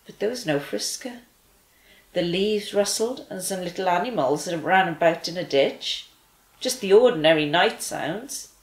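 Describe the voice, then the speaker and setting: A woman reading a children's story aloud with gentle, expressive delivery. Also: fairly low pitch, a little slow, echoey room, poor audio.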